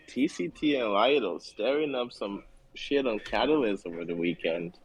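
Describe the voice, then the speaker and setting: A man's voice: mid-range voice, expressive, normal speed, husky, rough recording. A man hosting a casual morning chat who greets each guest and laughs easily. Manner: laid-back, laughs easily, greets everyone. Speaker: host.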